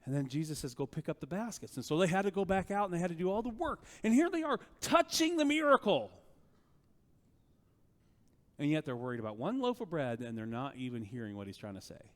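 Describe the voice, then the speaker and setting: A male pastor preaching a sermon in a conversational, animated way, often asking rhetorical questions of the congregation. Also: on the high side, a little fast, long reverb tail.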